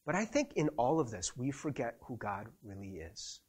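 A man's voice: medium pitch, sing-song, moderate pace, slightly rough. A man preaching a conversational sermon as a pastor, chatty, with many fillers, and acting out the quotes he tells.

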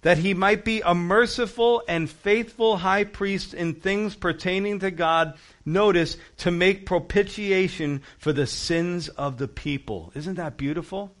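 Animated man preaching a sermon. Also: high-pitched. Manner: animated teaching, acts out quotes, emphatic rhetorical questions. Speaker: pastor. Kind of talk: expository sermon.

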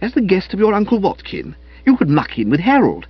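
A man voicing a spirited, bossy young woman with a sharp, teasing manner. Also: sits high, huge pitch swings, brisk, breathy edge, no room sound, lo-fi sound, voice pushed up, full character voice. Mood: scheming.

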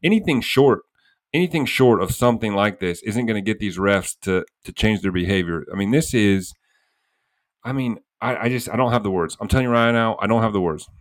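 A man's voice: lowish voice, animated, fairly quick, dry recording. A man co-hosting a sports podcast, speaking in an emphatic, hyperbolic rant. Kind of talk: casual sports chat.

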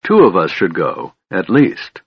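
A man's voice: deep voice, wildly swooping pitch, a little slow, husky, no room sound, muffled recording, full character voice. A man voicing a breathless honorable knight. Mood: earnest.

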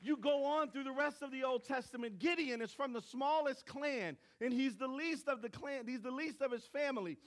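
A male pastor preaching a sermon, telling stories in an animated way and acting out the voices of people in them. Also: very high-pitched, moderate pace, few pauses. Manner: storytelling, animated, acts out voices.

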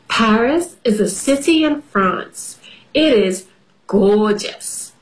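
Woman, children's picture book read-aloud, playful, unhurried, bouncy pitch. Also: a little hiss or hum, rough recording. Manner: expressive, playful storytelling. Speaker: storybook reader.

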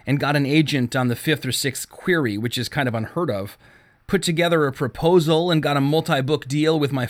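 A male author hosting his own podcast. He tells his story in a wry, self-deprecating monologue. His voice sits in a plain middle register. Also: mid-range voice.

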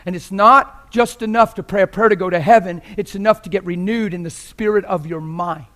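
A man preaching as a visiting preacher in a church, passionate and joking, often laughing mid-sermon, sometimes quiet and sometimes loud. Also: high-pitched, a little fast.

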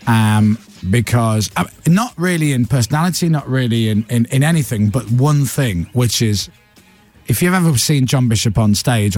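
A man hosting a morning radio show, chatting in a lively, animated way. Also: mid-range voice. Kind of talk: casual radio chat.

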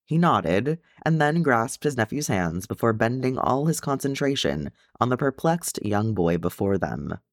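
A man reading a fan fiction story aloud with expressive narration. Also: medium pitch, measured pace, few pauses, no room sound, clean studio sound. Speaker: reader.

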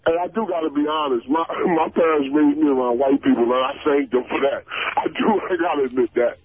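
A man's voice: a little high, a little fast, husky. A man calling in to a radio show and talking in a rambling, chatty way. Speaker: caller. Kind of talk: phoned-in radio talk. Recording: tinny phone line on radio.

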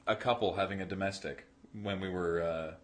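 A man with a Pacific Northwest accent, his voice sitting a little low, trading casual podcast banter. He laughs often and drops into quick mock voices mid-story. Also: steady tone, a little hiss or hum. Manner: laughing, doing quick put-on voices in anecdotes. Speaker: podcast co-host. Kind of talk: casual group chat.

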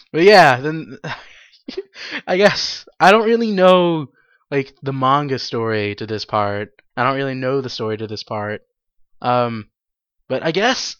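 A young adult host giving a casual solo podcast monologue, excitable and rambling, laughing often and swearing freely. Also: medium pitch, dry recording. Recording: dull lo-fi dry recording.

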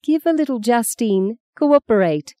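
A woman reading aloud and voicing a stern, commanding elderly grandmother with a brisk, precise way of speaking. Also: on the high side, lively intonation, dark tone, no echo, pitched above the performer's own voice. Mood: scolding. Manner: brisk, precise, lightly scolding.

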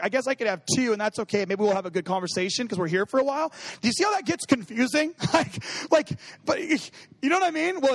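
High-voiced man preaching casually. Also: no room sound. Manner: humorous, acts out quoted dialogue; conversational, many fillers like 'you know what I mean'. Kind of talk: casual sermon.

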